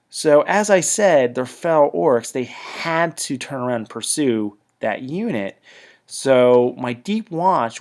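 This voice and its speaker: A man giving a casual battle report on a tabletop wargame. His voice sits at an ordinary middle pitch. He talks in chatty stop-start bursts and drifts into trailing asides.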